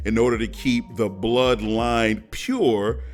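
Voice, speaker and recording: A man's voice: mid-range voice, steady tone, slow, faint music behind. A man hosting his own podcast and riffing in loose, slangy, casual commentary. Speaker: podcast host.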